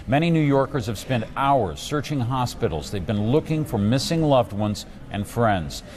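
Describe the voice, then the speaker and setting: A man anchoring a television newscast, reading in a brisk manner with some stumbles. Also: mid-range voice, darkish tone. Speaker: news anchor. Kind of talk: scripted news reading.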